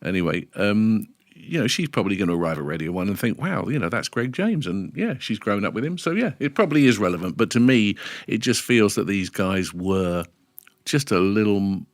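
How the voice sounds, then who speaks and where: A middle-aged radio DJ with a deep voice tells lively anecdotes. He acts out bits of dialogue as he goes. The sound is dry and close. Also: brisk, no room sound. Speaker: radio DJ guest. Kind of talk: casual podcast interview.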